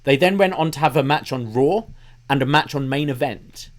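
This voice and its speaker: Man, podcast co-host, wrestling talk, measured recap, mid pitch. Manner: measured, recaps dates and venues. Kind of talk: casual wrestling chat.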